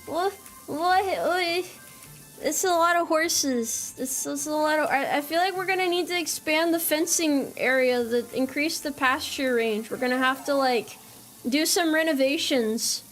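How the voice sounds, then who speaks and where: A woman's voice: high-pitched, unhurried, fairly bright tone, faint music behind. A woman streamer giving casual gameplay commentary, playful and teasing.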